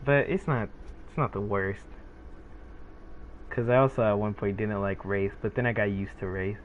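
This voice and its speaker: With a lowish voice, moderate pace, and fairly even intonation, a teenage male gaming streamer rambles along with his viewers. He is laid-back, using many fillers and often restarting, and the audio is tinny like a phone, carrying faint noise.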